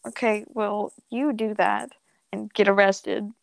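A woman's voice: medium pitch, fairly even intonation, slow, creaky, no room sound. A young woman co-hosting a podcast, bantering and teasing with frequent swearing. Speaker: podcast co-host. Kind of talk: casual chat.

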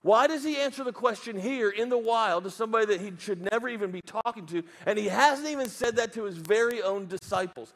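High-voiced pastor preaching with playful asides. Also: male voice, a little fast, hardly any pauses. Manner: lively storytelling with playful asides and put-on voices. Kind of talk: sermon.

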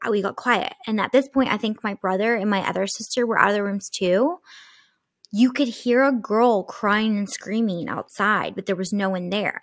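A woman's voice: medium pitch, no room sound. A young woman recounts a spooky childhood memory in a loose, chatty way, peppered with fillers and the odd swear word. Her voice sits in an ordinary middle range and sounds close and dry, with no room around it. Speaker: guest telling a ghost story. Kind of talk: casual storytelling.

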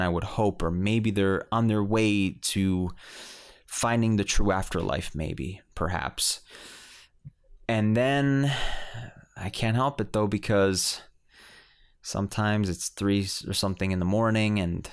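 A man's voice: fairly low pitch, slow, clear, resonant tone. A man casually telling a personal story on a podcast, rambling with many restarts and fillers.

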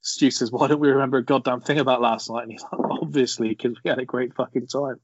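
Guy laughing through movie quotes, dry dull mic, mid pitch. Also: fairly even intonation, fast talker, breathy edge, no echo. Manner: laughing, quotes film lines. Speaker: podcast co-host. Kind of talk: casual film chat.

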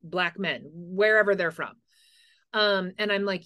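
A woman's voice: fairly low pitch, unhurried. A woman from the United States hosting a casual podcast chat, talking frankly and acting out quoted conversations as she tells stories. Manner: frank, animated storyteller who acts out quotes. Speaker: podcast host.

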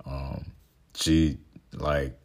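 A young man of twenty with an extremely low, rumbling voice talks in an even, flat tone with little rise and fall. He rambles through his thoughts with fillers and restarts. His manner stays earnest and sentimental. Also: extremely slow, vocal fry. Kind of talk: casual reflective talk.

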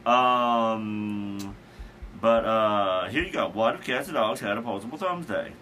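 A man's voice: on the low side, a little slow, sharp tone, a little hiss or hum. A man hosting a casual talk show, rambling through holidays with asides and fillers. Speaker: host. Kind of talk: casual chat about daily holidays.

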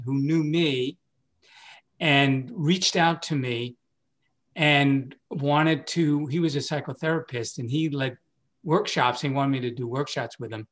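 A man in his sixties, a meditation teacher, telling a personal story in a casual way, laughing often and jumping high when he quotes himself.

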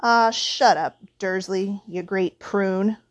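Hagrid, a woman doing a gruff homely giant. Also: mid-range voice, slow pace, close to an everyday voice. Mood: gruff friendly. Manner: gruff, homely, dialect-tinged. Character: huge shaggy gentle male giant groundskeeper.

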